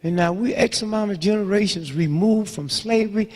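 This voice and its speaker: Gravelly older man lecturing in a hall. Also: high-pitched, expressive, moderate pace, hardly any pauses. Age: 70s. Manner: sweeping swings between hushed murmurs and loud outbursts, rhythmic call-outs. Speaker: speaker addressing an audience. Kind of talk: fiery lecture with storytelling. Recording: long reverb of a large hall.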